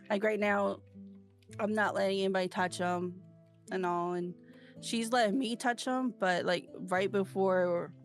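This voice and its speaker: A woman in casual chat, telling stories haltingly with many fillers. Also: medium pitch.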